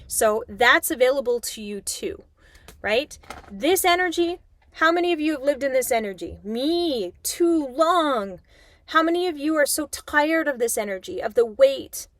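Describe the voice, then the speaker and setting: A middle-aged woman giving an animated, chatty spiritual talk as a tarot reader, swearing casually as she addresses her viewers. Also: sits high, unhurried.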